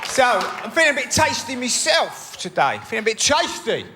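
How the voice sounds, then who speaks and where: A cheeky East End London male comic on stage, acting out people as he talks. His high voice swings widely in pitch. The room is echoey, with a loud audience and heavy noise. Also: very animated, normal speed, over a noisy crowd. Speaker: guest stand-up comedian. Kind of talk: stand-up comedy set. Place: studio stage with a live audience.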